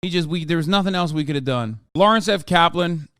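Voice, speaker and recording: A man with a high, smooth, clear voice hosts a live stream. He reads quoted passages quickly and flatly, then cuts in with profane, sarcastic rants. The sound is dry and close. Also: no room sound. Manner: fast, flat reading of quoted text. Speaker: streamer host. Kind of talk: live-stream commentary, reading articles aloud.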